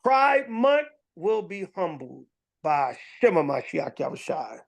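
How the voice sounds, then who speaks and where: Brief: male online commentator, high voice, rambling, coarse, casual religious talk. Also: big pitch swings, slow, vocal fry. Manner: rambling, profane, many fillers and restarts.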